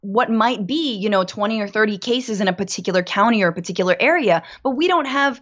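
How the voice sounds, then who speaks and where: A woman's voice: medium pitch, animated, fast, a bit bright, highs cut off. A woman co-hosting a political commentary show, impassioned and rhetorical, stacking repeated phrases for emphasis. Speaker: guest co-host.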